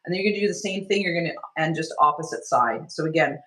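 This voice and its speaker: A woman leading a live online healing workshop, talking gently and loosely, with many restarts and fillers as she guides a self-care technique. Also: low-pitched, fast talker, poor audio. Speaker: energy healing teacher.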